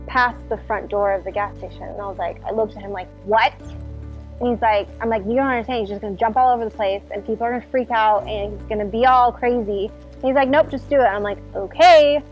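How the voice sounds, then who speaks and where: A woman's voice: mid-range voice, fairly even intonation, fast. A woman casually telling a personal story, acting out her own past reactions with lots of "like" fillers. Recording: dull lo-fi sound, faint music behind.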